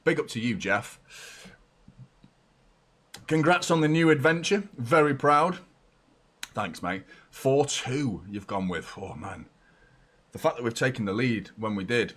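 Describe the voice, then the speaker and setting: A young man hosting a live football watchalong from home, chatty and excitable, moving between loud cheers and quiet muttering. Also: mid-range voice, unhurried, pauses often. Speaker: football fan channel host. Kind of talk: live match watchalong commentary. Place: home room with door open and a fan.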